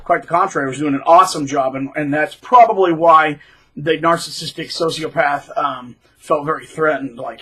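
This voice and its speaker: A man's voice: on the high side, normal speed, a bit bright, breathy edge, rough recording. A man hosting his own channel, talking in a rambling casual monologue with many fillers and repeated words. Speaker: channel host.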